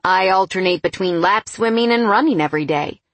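A woman's voice: mid-range voice, brisk, fairly bright tone, no echo, natural voice. A sulky, guarded young man with a bitter, grudging edge to every line, as a woman reads him. He sounds close and dry, with no room around him. It comes across as a plain audiobook performance.

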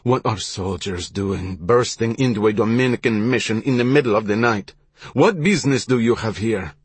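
A man voicing an indignant middle-aged Spanish friar who shouts his demands at soldiers. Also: fairly low pitch, moderate pace, slightly rough, no room sound. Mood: outraged.

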